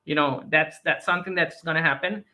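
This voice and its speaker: A man's voice: a little high, a little fast, pushed and bright, low-quality recording. A man joining a live video call as a guest, speaking earnestly and restarting his sentences often. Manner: earnest, hesitant with many restarts. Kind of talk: conversational advice.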